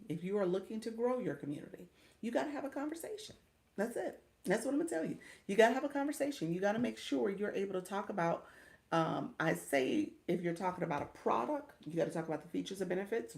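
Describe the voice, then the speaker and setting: A woman's voice: medium pitch, vocal fry, a little mellow. A woman livestream coach chatting casually with her viewers, reading the chat aloud and laughing often.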